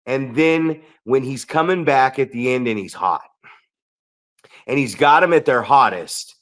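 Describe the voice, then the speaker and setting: A man co-hosting a wrestling podcast, telling excited stories in a casual, profane way and acting out what others said. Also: medium pitch, a little slow. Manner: animated, swearing storyteller who acts out quotes. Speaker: podcast co-host.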